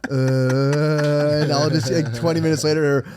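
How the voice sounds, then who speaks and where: A man's voice: mid-range voice, animated, a little fast, a crowd in the background. A man in his thirties co-hosting a casual podcast chat, profane and laughing, acting out little scenes with his family. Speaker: podcast co-host.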